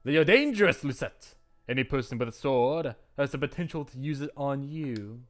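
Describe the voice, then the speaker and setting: A possessive, secretive mother, as a man puts her on, warning in a low, controlling way. Her lines curl and dip with lively movement. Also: moderate pace, soft background music, lightly acted.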